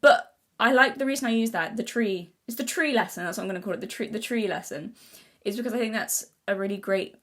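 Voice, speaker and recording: Young woman, casual vlog monologue, earnest, restarts a lot, mid pitch. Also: quick pace, few pauses, a bit bright. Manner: rambling, many restarts and self-corrections; earnest, thinking aloud. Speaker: vlogger. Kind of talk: casual unscripted talk to camera.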